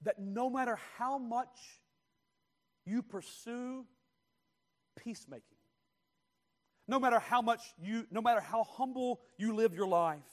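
A man preaching a sermon, speaking in slow, stressed phrases that swing from quiet to loud. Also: extremely high pitch. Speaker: pastor.

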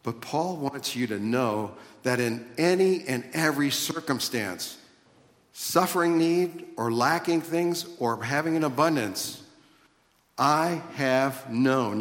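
A man's voice: mid-range voice, unhurried, fairly bright tone. A male preacher with a mid-range voice delivers an earnest teaching sermon, circling back over his phrases as he explains. His voice carries a long reverb from a large hall. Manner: earnest teaching tone, explaining Greek grammar with repeated phrases and restarts.

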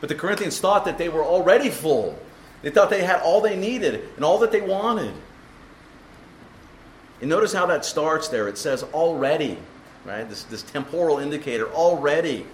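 In an echoey room with faint ambience, a man with a fairly high, animated voice preaches at normal speed, a little hiss or hum in the audio. His expository sermon explains the text emphatically and poses rhetorical questions to the congregation.

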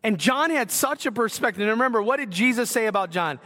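A man's voice: high voice, expressive, fast talker, pushed and bright. A man preaching a sermon, earnest and conversational, asking the congregation direct questions. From Northwest Ohio. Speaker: pastor. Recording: long hall reverb.

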